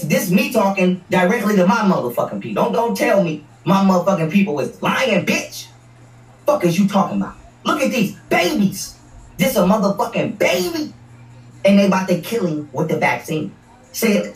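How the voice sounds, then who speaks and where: A man hosting a livestream, ranting in a combative, profane way and repeating words as he hammers his points. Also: high voice. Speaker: livestream host. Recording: echoey room, distant mic.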